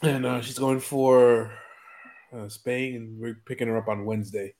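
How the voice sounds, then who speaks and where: A man's voice: mid-range voice, fairly even intonation, normal speed, a little mellow. A man co-hosting a casual chat, talking in a playful, self-mocking way. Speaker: podcast co-host.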